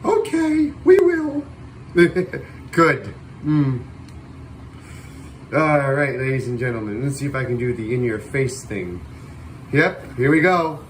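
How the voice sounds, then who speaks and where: A man's voice: mid-range voice, lively intonation, slow, pauses often, slight background noise. Whooping man calling a virtual air show. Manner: announcer-style patter with loud whoops. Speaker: livestream host and air show announcer. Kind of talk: playful air show commentary over a flight sim stream.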